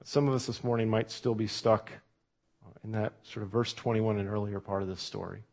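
A man preaching a sermon, talking through a scripture story in a conversational way and dropping to a hush when he quotes. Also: fairly low pitch, steady tone, brisk, creaky. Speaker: pastor.

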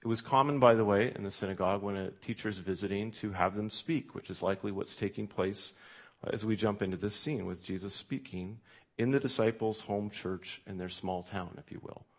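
A male pastor delivers a sermon in a somewhat low voice. He talks in a relaxed, conversational way, often pausing on fillers and restarting his sentences. When he reads the scripture aloud, he gives it extra emphasis.

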